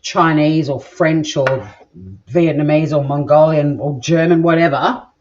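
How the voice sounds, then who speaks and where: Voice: mid-range voice, steady tone, a little slow, darkish tone, dull audio, slight background noise. A home cook with an Australian accent chatting casually while cooking in a home kitchen, joking crudely and rambling as they go. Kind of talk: casual cooking vlog chat.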